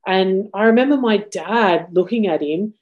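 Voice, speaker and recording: Mellow-voiced woman in her forties. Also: medium pitch, moderate pace, lo-fi sound. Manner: earnest, reflective, with lively upward swings. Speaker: podcast host. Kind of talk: casual conversation.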